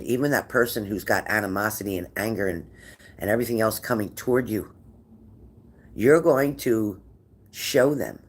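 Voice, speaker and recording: A man giving a tarot reading to viewers, talking in an encouraging way and often repeating his phrases. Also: on the low side. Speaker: tarot reader.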